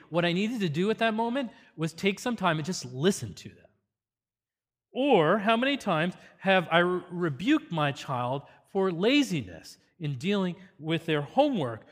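A man's voice: sits high, in a large hall. A man giving an earnest, teacherly parenting seminar with a faith focus.

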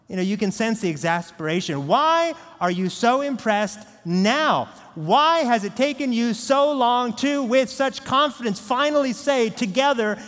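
Male pastor, fairly high voice, earnest sermon, hall reverb. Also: big pitch swings, moderate pace, few pauses. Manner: earnest, swings from hushed to raised. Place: church sanctuary. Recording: long echo of a large church hall.

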